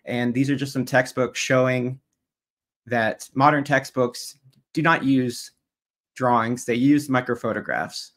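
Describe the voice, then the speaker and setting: A man's voice: mid-range voice, fairly even intonation, a little slow, a bit bright. A man giving a debate opening statement, working methodically through prepared slides and making pointed jabs at his opponent.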